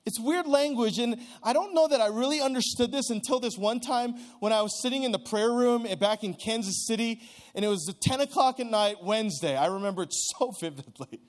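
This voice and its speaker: A man preaching a sermon in an earnest, conversational way, slowing down to stress key words. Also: extremely high pitch. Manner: earnest, conversational, with restarts and drawn-out emphasis.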